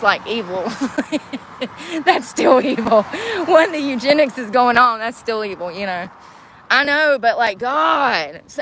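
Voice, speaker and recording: Woman vlogger, blunt and foul-mouthed, mouthy rant on a phone camera, fairly high voice, street noise behind. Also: a bit bright, rough recording. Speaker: homeless vlogger. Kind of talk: ranting vlog. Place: outdoors and in a car. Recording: outdoor street and traffic noise.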